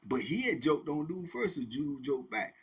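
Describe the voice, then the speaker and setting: A middle-aged man casually telling a prison story, animated, with sound effects and quoted voices. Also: a little high, moderate pace, breathy edge. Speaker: host telling prison stories.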